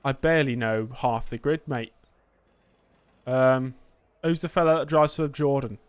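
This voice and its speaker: A man's voice: medium pitch, steady tone, a little slow, clean tone, no room sound. A man livestreaming a racing game, bantering with chat in a mock press conference and calling viewers mate. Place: indoor streaming setup with green screen.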